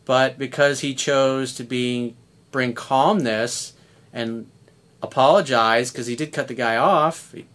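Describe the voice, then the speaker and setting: A man's voice: medium pitch, steady tone, takes it slowly, fairly bright tone. Blunt, plainspoken man in his fifties. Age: 50s. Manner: blunt, conversational, swears casually. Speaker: dating coach. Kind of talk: video coaching monologue.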